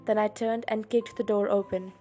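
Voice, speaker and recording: A woman hosting a read-along show, reading a novel aloud with expressive storytelling. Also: medium pitch, moderate pace, faint music behind. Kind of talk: audiobook reading.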